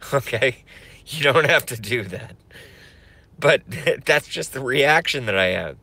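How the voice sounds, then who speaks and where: A man rants on a livestream, slow and drawn-out, with a bright, forceful tone. His talk is profane and rambling, full of repeated catchphrases, and the sound is close and dry. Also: medium pitch, expressive, husky, no room sound. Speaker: streamer. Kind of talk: satirical ranting livestream.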